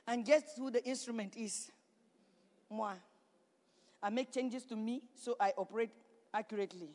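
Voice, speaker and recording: A woman pastor preaching a sermon in a church, building to shouts and repeating her points. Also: fairly high pitch, moderate pace. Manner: preaching with rising shouts and repetition. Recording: reverberant church hall.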